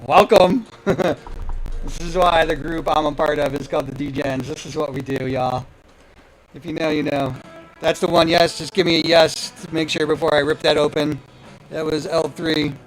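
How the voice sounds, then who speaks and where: A man's voice: on the high side, fairly even intonation, moderate pace, faint music behind, poor audio. A man hosting a live card-opening stream, hyped and playful, talking straight to his viewers. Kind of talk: excited live stream chatter.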